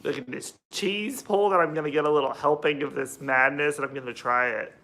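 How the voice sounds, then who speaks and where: American man, young adult, rambling livestream chat, bright forward tone, slightly high voice. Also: fairly quick. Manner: rambling, chatty, reads out chat names. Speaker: livestream host. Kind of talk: casual livestream chat while cooking.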